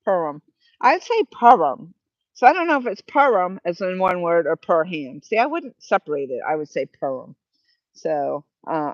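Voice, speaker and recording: A woman's voice: low-pitched, no room sound, highs cut off. Chatty woman streaming live outdoors. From New Hampshire, New England. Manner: rambling, chatty, reads viewer comments aloud. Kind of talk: casual live-stream chat. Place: outdoors by the water. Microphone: Bluetooth headset.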